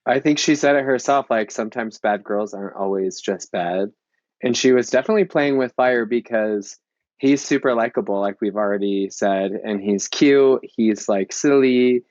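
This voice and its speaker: Male podcast guest: loose and chatty, mid pitch, dull and dry recording. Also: darkish tone, dry recording. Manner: loose and chatty, heavy on filler likes. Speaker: podcast panelist. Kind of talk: casual film discussion.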